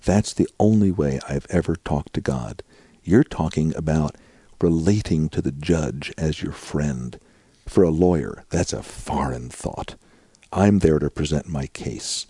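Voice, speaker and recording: An older man voicing a seventy-five-year-old attorney, slow and earnest. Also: a bass voice, mellow, slightly rough, dry recording, pitched below the performer's own voice, exaggerated voice. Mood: moved.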